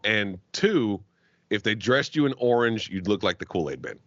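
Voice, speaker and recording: Speaking at a moderate pace in a lowish, animated and slightly bright voice, this man co-hosts a podcast full of crude comedic banter. He swears freely, laughs often as he jokes, and keeps stumbling into trailing restarts. There's no echo, but the sound is muffled.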